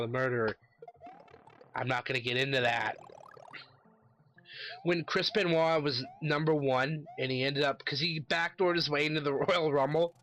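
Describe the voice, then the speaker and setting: A man's voice: on the high side, fairly bright tone. A man giving a casual solo commentary, ranting animatedly and swearing constantly. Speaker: wrestling commentary vlogger.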